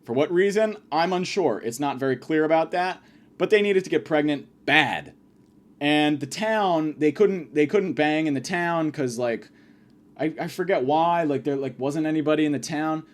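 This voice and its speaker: A man's voice: on the high side, moderate pace. A young man giving a crude, rambling comedic rant about his college.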